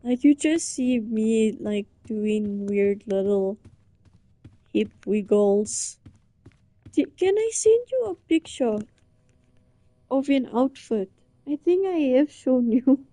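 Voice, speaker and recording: A young woman from Britain chats in a rambling, giggly way, sounding playfully flustered. Her voice sits a little high but has a very mellow, dark tone. She talks slowly, and the sound is dry and close. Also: animated, no echo. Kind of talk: casual chat to a listener. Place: indoors, under a blanket.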